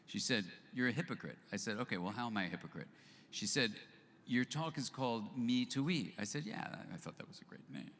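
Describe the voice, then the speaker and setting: An older man speaks at a live event, recounting conversations with lively back-and-forth delivery and acting out each voice. His voice sits at a middle pitch. It carries through a hall with a long reverb and some faint background noise. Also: brisk. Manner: animated storyteller who acts out both sides of a dialogue. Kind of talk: storytelling talk to an audience.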